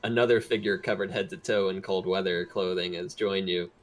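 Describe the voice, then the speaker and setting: Man, game master, low voice, relaxed halting narration. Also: soft background music.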